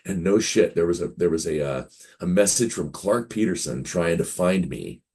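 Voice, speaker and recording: A man's voice: deep voice, lively intonation, moderate pace, a little mellow, slightly rough. A man in his fifties, a game publisher guest on an interview, rambling through anecdotes and acting out quoted dialogue. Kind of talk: casual interview storytelling.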